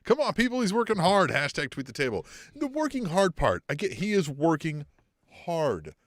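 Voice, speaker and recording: Man co-host, casual chat, lively swings of pitch, swears and laughs a lot. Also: normal speed, no room sound. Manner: animated, laughs often, swears, acts out quotes in a raised voice.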